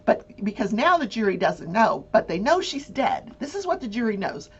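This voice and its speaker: A woman with a husky, rather high voice hosts a casual true-crime talk show, lively and quick to act out the people she describes, swearing as she goes. Her pitch bounces animatedly up and down. The lo-fi recording sounds dull.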